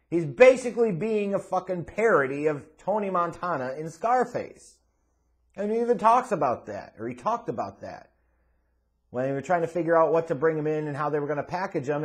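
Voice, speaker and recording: An emphatic, blunt man holds forth in an opinionated commentary monologue. His voice sits a little high and swings widely in pitch. He talks like a channel host, swearing casually as he makes his case.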